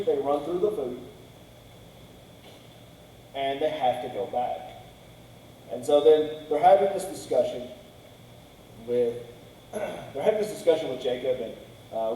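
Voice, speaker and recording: A man's voice: a little high, normal speed, long pauses, mellow, a little hiss or hum. A man preaching a casual sermon, retelling a story conversationally and acting out the characters' lines. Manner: conversational, acts out characters' quotes with "he's like". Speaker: pastor. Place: church sanctuary. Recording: echoey church hall, distant mic.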